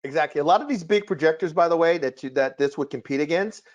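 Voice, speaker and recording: A man hosting a casual chat, explaining things in an emphatic, animated way. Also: a little high, quick pace. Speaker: projector reviewer, host. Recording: lo-fi, dull sound.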